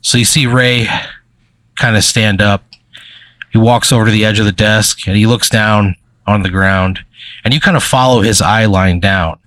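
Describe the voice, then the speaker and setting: Low-voiced rambling male game master. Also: fairly even intonation, normal speed, fairly bright tone, no echo. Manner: rambling, filler-heavy storytelling. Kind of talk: narrating a tabletop game.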